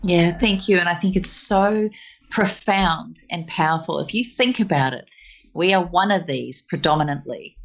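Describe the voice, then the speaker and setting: A woman guest telling lively anecdotes in conversation, acting out quotes with warmth. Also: on the low side, normal speed, vocal fry, highs cut off. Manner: animated, warm anecdotes with laughs and acted quotes. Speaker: guest speaker. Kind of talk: conversational storytelling.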